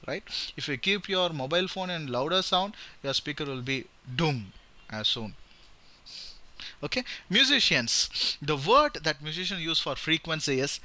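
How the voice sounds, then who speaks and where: A man with an Indian English accent giving an informal engineering lesson, often checking in with "right?" and "okay?". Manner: animated, repeats with "right?" and "okay?", demonstrates high and low voice. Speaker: engineering lecturer. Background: guitar playing.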